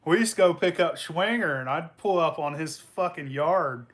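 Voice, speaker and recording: A man's voice: on the high side, normal speed, a bit bright. A man hosting a casual show, telling rambling, profane stories about his past and laughing along as he goes. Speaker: host. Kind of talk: casual storytelling.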